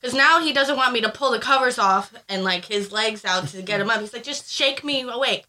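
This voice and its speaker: A woman's voice: fairly high pitch, steady tone, fairly quick, bright, forceful tone. A woman co-hosting a casual mom podcast, talking matter-of-factly about her kids' routines. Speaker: podcast co-host. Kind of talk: casual chat.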